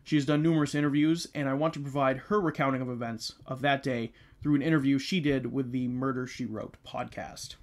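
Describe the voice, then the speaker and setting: A man hosting a true crime podcast, talking loosely with frequent ums and restarts. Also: medium pitch. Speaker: podcast host.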